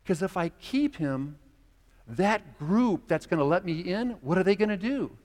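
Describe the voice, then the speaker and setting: A man preaches to his congregation, telling a story and acting out the voices of its people. His voice sits fairly high and swings widely in pitch. A long reverb from the church hall trails behind every phrase. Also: measured pace. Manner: storytelling, animated, acts out quoted voices. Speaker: pastor. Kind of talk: sermon. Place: church sanctuary.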